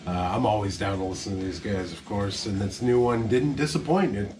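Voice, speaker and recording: A man's voice: fairly low pitch, a little fast, darkish tone, slight background noise. Laid-back man co-hosting album review. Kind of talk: casual album review chat.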